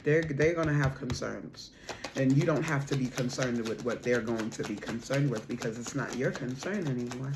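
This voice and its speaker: A woman's voice: very deep voice, moderate pace, noisy background. A woman giving a casual spiritual card reading to her viewers, repeating her points with emphasis and calling the listener boo and honey. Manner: bursts into loud laughter and raised voice when excited.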